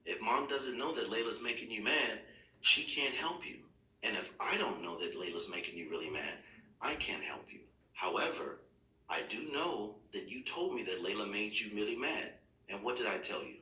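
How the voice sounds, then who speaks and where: A man's voice: fairly low pitch, expressive, normal speed, bright, forceful tone. A man speaking as a father, talking patiently and firmly with his child, reassuring him. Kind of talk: serious heart-to-heart with a child. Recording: echoey room, mic far off.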